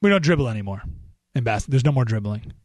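A man's voice: mid-range voice, lively intonation, quick pace, a little mellow, no echo, pitched below the performer's own voice, natural voice. A man playing a ten-year-old boy in a casual retelling, breezy and dismissive. He shrugs things off in an offhand way and talks in a dry, close-up voice.

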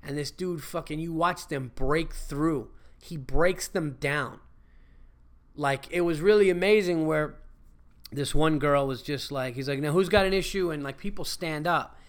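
A man's voice: a little high, measured pace. Profane, rambling male podcast comic. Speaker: podcast host and stand-up comedian. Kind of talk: casual podcast monologue.

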